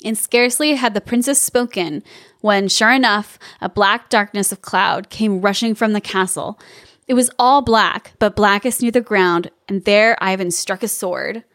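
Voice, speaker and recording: A woman's voice: mid-range voice, unhurried, fairly bright tone, no echo, clean studio sound. A young woman hosting a podcast, reading a fairy tale aloud with giggly, wry asides. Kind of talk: comic storybook reading with asides.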